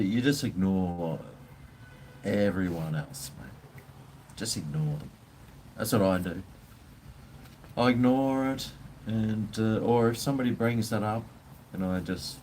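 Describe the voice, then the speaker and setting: A man's voice: on the low side, takes it slowly, pauses often, a little mellow, slight background noise. A man with an Australian accent, ranting bluntly and swearing as he chats casually with viewers on his livestream. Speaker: live stream host.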